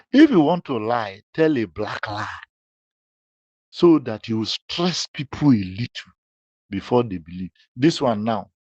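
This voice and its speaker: A man's voice: mid-range voice, no echo, highs cut off. A man scolding a critic in a direct-address rebuttal, emphatic and full of repeated rhetorical questions. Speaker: public figure addressing a critic.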